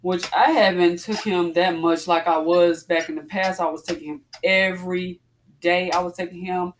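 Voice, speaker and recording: Talking to "y'all" mid-workout, this woman in her forties keeps up a chatty stream for her fitness channel, a bit out of breath and punctuating sets with breathy exclamations. She speaks in a lowish voice with fairly even intonation at a moderate pace over slight background noise.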